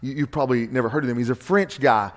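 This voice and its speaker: A middle-aged man preaching a sermon from a church stage, emphatic and animated, repeating key phrases for effect. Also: mid-range voice, fast. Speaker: pastor. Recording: long hall reverb from a church stage.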